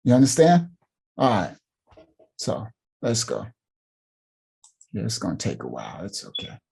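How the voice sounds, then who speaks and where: A man's voice: fairly low pitch, wildly swooping pitch, a little slow, vocal fry, mellow, husky. A man hosting a ministry channel, delivering heated, preachy commentary and repeating points for emphasis. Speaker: ministry host reacting to clips.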